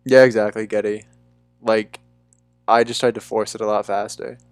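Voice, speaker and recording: A man's voice: lowish voice, flat delivery, moderate pace. A young man from Bermuda with a mixed, faintly English-tinged neutral accent, chatting casually and rambling on a live stream, swearing freely.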